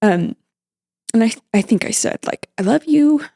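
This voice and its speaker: A young woman guest on a podcast, recounting her mother's hospital visit in a halting, emotional way, with many fillers and restarts. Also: a little high, expressive, gravelly, warm tone. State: emotional, near tears at times. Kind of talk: emotional personal storytelling.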